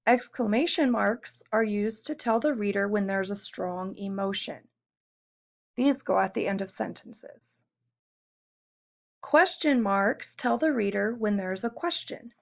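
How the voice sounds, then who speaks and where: Unhurried and creaky, a woman with a mid-range voice teaches a recorded classroom lesson, working through the material patiently step by step and asking her students questions. The recording sounds dull and lo-fi.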